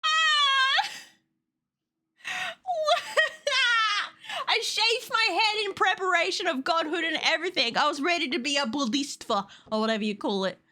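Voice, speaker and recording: A young adult woman chatting casually on a livestream, excitable, laughing often and swearing freely. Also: extremely high pitch, unhurried. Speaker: streamer.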